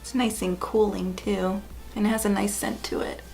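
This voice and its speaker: A woman's voice: medium pitch, level tone, normal speed, creaky, a little mellow, soft background music. A woman beauty vlogger talking viewers through a makeup tutorial in a chatty, upbeat way. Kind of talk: casual makeup tutorial narration.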